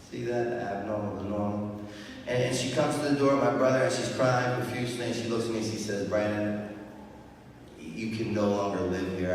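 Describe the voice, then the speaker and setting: A man with a fairly low voice delivers a dramatic keynote story, hammering key phrases and stacking up lists. His voice booms around a large hall, picked up from some distance with a faint hiss underneath. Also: a little mellow. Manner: emphatic, repeats key phrases, builds lists. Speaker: keynote speaker. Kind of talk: dramatic recovery storytelling speech. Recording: echoey hall, speaker far from the mic.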